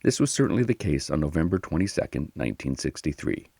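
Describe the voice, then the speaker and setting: Very deep, gravelly male narrator. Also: big pitch swings, mellow, no room sound, clean studio sound. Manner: measured, solemn storytelling. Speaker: podcast host and narrator. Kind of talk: scripted history narration.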